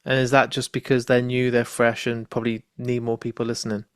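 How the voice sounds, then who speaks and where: A man's voice: medium pitch, monotone, a little fast, smooth, no room sound, studio quality. A man hosting a podcast, chatting casually with a guest and swearing freely. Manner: laid-back, swears casually. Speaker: podcast host. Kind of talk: casual interview chat.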